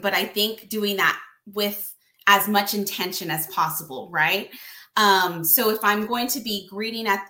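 A woman's voice: mid-range voice, pushed and bright, echoey room. A woman who is an educator, a guest in an interview, speaking thoughtfully with frequent ums. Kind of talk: conversational interview.

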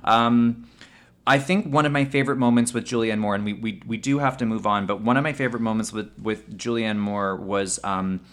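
Chatty gay podcast host, low voice. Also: male voice, fairly even intonation, a little fast, fairly bright tone. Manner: chatty, lots of likes and ums. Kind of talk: casual chat.

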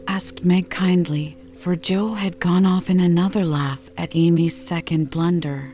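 A woman narrating a classic novel as an audiobook in a measured, gentle storytelling manner. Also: fairly low pitch, steady tone, faint music behind. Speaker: audiobook reader. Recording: slightly dull lo-fi recording.

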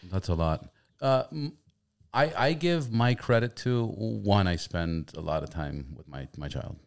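A low-voiced man who chats casually and tells animated stories, acting out the people he quotes. His pitch swings widely as he talks. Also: measured pace, creaky. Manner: animated storyteller, acts out quotes. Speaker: podcast host. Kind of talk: casual chat.

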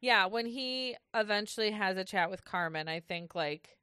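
A woman's voice: medium pitch, moderate pace, sharp tone, clear, resonant tone, no echo, clean studio sound. A woman co-hosting a podcast, chatting casually through a recap and laughing easily as she reads from her notes. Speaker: podcast co-host.

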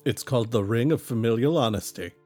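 A man voicing a distrustful grown son who talks in a guarded, deliberate way. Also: mid-range voice, a little mellow, soft background music, close to an everyday voice. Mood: curt.

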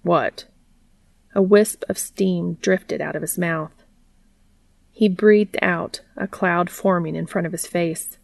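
A woman reading a fan fiction story aloud in a steady, plain narrating manner. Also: fairly low pitch, slow pace, gravelly, no room sound.

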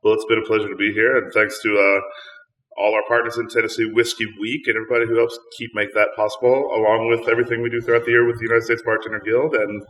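A man guesting on a podcast, giving grateful, slightly halting closing thanks. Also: lowish voice, flat delivery, fairly bright tone. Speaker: bartenders guild president guest. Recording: long reverb.

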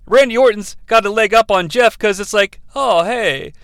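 A man's voice: sits high, fairly even intonation, brisk, fairly bright tone, smooth, no echo. A man hosting a comedic podcast, rambling and profane, often interrupting himself and laughing. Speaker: podcast host. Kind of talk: comedic solo podcast riff.

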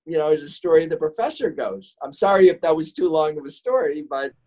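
A man's voice: fairly high pitch, expressive, quick pace, a little mellow, poor audio. A man who has written a book, answering interview questions earnestly and telling a long anecdote. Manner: earnest, storytelling. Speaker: author and guest.

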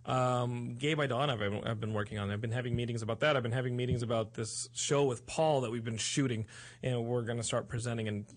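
A man hosting a podcast in casual chat, rambling and excitable. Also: medium pitch, a little fast. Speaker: podcast host.

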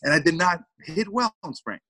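A man's voice: on the high side, animated, moderate pace, bright, forceful tone, poor audio. A man, a former baseball player, telling a story in an interview with lots of repeated words, acted-out quotes and laughter.

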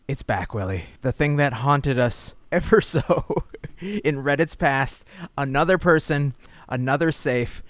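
A man's voice: a little high, expressive, measured pace, no echo. Playful young male podcast co-host. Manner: playful, reads posts aloud, laughs often. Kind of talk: casual chat.

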